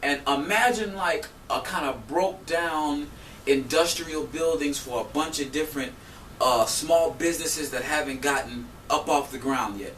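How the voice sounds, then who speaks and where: A man's voice: on the high side, measured pace. Guy ranting about getting scammed, aave, playing both sides of the fight, roomy echo, mic kinda far, faint room hum. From South Florida. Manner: animated, profane, acts out both sides of an argument. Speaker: vlogger telling a story. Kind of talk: heated storytelling rant.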